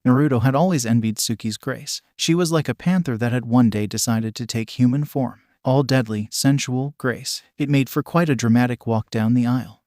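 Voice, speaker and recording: A man narrating a fan story in an even, unvaried text-to-speech style, reading punctuation aloud. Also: mid-range voice, normal speed, few pauses, no room sound, studio quality.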